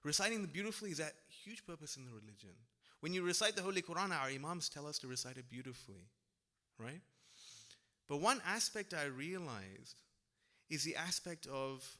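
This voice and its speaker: Young dude on a panel, casual and reflective, bright voice, big hall echo. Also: male voice, fairly high pitch. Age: young adult. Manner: casual, reflective, uses "right?" and "bro". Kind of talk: religious discussion talk. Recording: long hall reverb.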